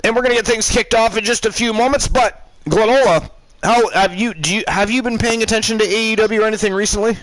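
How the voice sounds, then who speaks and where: A man with a high voice hosts a laid-back stream, rattling through the night's matches in quick, hyped-up announcer patter. His voice sounds dry and close, with no room around it. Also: fairly even intonation, fairly bright tone, no echo, low-quality recording. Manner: hype-driven, quick wrestling announcer patter. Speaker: show host. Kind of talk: casual livestream chat and card rundown.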